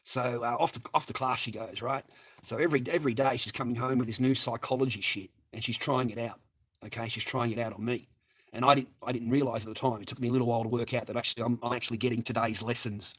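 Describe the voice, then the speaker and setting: A man's voice: medium pitch, fairly even intonation, fast talker, husky. A man telling a crude casual anecdote, rambling and swearing constantly while calling his listeners mates and boys. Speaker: storyteller addressing viewers.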